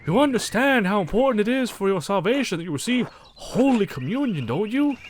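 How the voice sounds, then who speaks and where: Man doing a preachy high-voiced village priest. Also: very animated, brisk, slight background noise. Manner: preachy, pleading. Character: stern pious male village priest.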